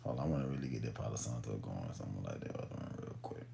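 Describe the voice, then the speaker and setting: Very deep gravelly young man, casual slang. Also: expressive, racing, noisy background. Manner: laid-back, profane, self-hyping slang. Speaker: live streamer reading a book aloud. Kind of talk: casual live-stream chat and book reading. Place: at home, in bed. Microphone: phone on a live stream.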